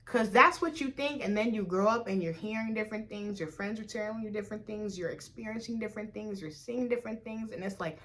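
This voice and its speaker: A young adult woman from Africa talking candidly in a casual vlog, blunt and profane, jumping from loud outbursts to low mutters. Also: brisk, hardly any pauses. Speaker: vlogger.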